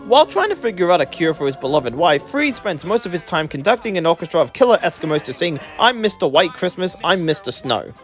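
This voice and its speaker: A reviewer narrates a scripted comedic film recap in a mid-range voice. The delivery is sarcastic and very animated in pitch. Faint music plays underneath. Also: fast talker, hardly any pauses.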